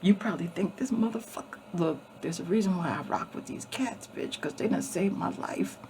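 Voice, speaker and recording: Gravelly, foul-mouthed woman vlogger. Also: lowish voice, fairly quick, dark tone, a little hiss or hum. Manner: profane, emphatic, blunt; repeats and restarts often. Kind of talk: casual storytelling.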